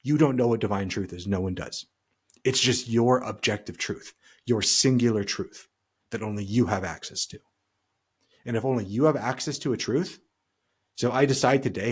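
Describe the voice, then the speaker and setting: A man's voice: medium pitch, moderate pace, husky. A man co-hosting a podcast in casual chat, rambling and talking through hypothetical scenarios. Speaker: podcast co-host.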